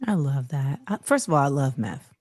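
Animated woman host, laughing and casual. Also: very deep voice, a little fast, no room sound, studio quality. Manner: animated, laughing, slangy asides. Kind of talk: casual chat.

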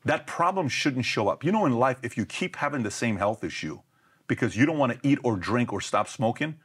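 A man's voice: mid-range voice, lively intonation, brisk, breathy edge. A middle-aged man as an interview guest, talking emphatically and firing off rhetorical questions. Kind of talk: conversational interview.

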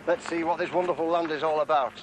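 A man's voice: fairly high pitch, fairly even intonation, fast, very noisy. A man hosting a TV travel segment outdoors, talking in an exuberant, coaxing showman's way. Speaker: TV host. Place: outdoors on a hot day.

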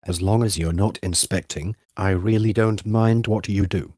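A man's voice: lowish voice, steady tone, moderate pace, a little mellow, no echo, studio quality, lightly acted. A man reading the part of an old village fisherman with a thin voice, asking suspicious questions. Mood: wary. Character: old male village fisherman, wrinkled, wary.

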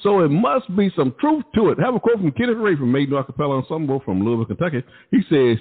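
A man's voice: a little high, expressive, fast talker. A man hosting a gospel radio show with an emphatic, showman-like announcing manner. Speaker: radio DJ and host. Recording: tinny phone-like sound, long reverb.

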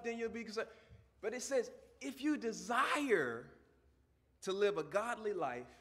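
A male pastor preaching a sermon, moving from quiet teaching to loud, fervent preaching. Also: high-pitched.

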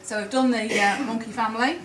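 A conference speaker with a voice on the high side delivers an emotional, chatty talk full of halting restarts. The background is noisy, and the distant mic captures the roomy hall along with its faint ambience.

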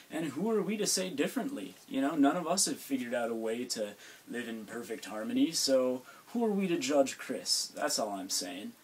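A young man with a husky voice speaks in a hesitant, rambling way, padding his lines with fillers. His voice stays at an ordinary pitch. It is a mock reality-show confessional. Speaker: student video maker.

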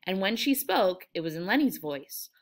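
A woman's voice: mid-range voice, very animated, normal speed. A woman English teacher reading a novel aloud and explaining it to her students, with frequent fillers.

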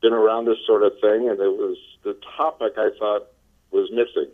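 A man from the Los Angeles area, a sales trainer being interviewed, telling his story in a relaxed way with many fillers. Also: on the low side, normal speed. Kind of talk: casual phone interview. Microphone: telephone. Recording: tinny phone line.

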